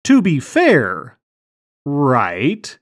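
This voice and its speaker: Woman, host, mock mind-reader act, theatrical, deadpan, low voice, swooping pitch, unhurried, dry close sound. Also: no echo, soft background music.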